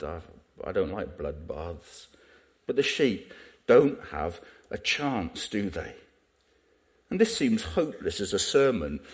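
A man preaching a sermon in a conversational way, often asking the listeners rhetorical questions. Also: low voice.

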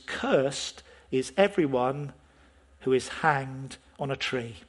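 Preacher, male, husky slightly high voice, earnest sermon delivery full of questions to the congregation. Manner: earnest, asks the listeners questions, stresses key words.

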